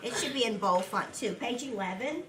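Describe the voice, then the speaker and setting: A woman teacher leading a guided reading lesson with young children in a classroom, patient and encouraging, speaking slowly and clearly. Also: on the high side, expressive, a crowd in the background. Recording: echoey room from a distance, background noise.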